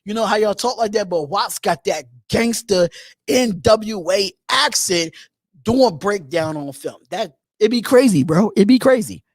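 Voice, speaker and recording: A man's voice: high-pitched, expressive, a little slow, no room sound. A man from Philadelphia hosting a live call-in sports show, chatting loosely and animatedly, repeating himself as he reads and answers viewer comments. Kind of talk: casual live-stream chat.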